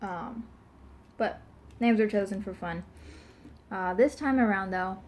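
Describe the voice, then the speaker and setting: A woman's voice: mid-range voice, measured pace, darkish tone, a little hiss or hum. A young pregnant woman in her twenties chatting casually to camera, rambling with lots of fillers and giggles. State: pregnant, burping now and then. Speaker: vlogger.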